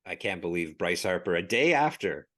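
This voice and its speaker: Animated man telling stories. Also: deep voice, moderate pace. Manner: animated storyteller, laughs often. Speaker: podcast guest, sports logo expert. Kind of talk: casual podcast chat.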